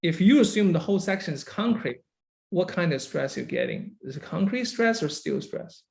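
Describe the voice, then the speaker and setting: A man's voice: high-pitched, lively intonation, normal speed, creaky, a little mellow. A man lecturing a university engineering class, who keeps checking understanding with "right?" and "okay?" and praises students by name.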